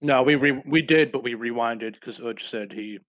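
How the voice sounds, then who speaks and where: A man's voice: mid-range voice, moderate pace, a bit bright. A man playing in a tabletop game, chatty and rambling as he asks questions. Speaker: player. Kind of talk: casual tabletop banter.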